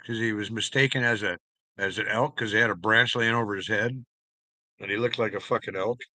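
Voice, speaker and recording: A man's voice: fairly low pitch, fairly even intonation, a little fast, bright, forceful tone, no echo. A man chatting casually with his viewers, telling loose, profane stories and chuckling along as he rambles.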